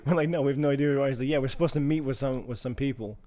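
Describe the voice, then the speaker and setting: A man's voice: mid-range voice, very fast, a crowd in the background. Young man telling a rambling story. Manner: rambling, profane, laughs through his stories. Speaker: podcast co-host. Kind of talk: casual storytelling.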